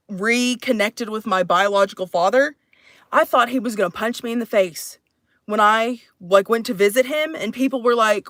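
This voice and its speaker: A woman's voice: a little high, a bit bright, dry recording, studio quality. A woman in her thirties from Texas, with mixed, shifting accents, chatting casually and profanely on a livestream, rambling and sighing often. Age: 30s.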